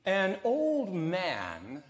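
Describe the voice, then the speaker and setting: Lively, folksy preaching man. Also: high voice. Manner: folksy, lively storytelling with pauses. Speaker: pastor. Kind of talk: sermon with jokes. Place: church sanctuary.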